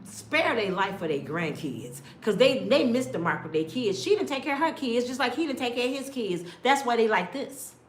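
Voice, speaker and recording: A middle-aged woman telling stories in a blunt, animated way, sometimes mimicking other people's voices. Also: a little high, a little fast, few pauses, reverberant, a little hiss or hum. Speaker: storyteller. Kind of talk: casual storytelling rant.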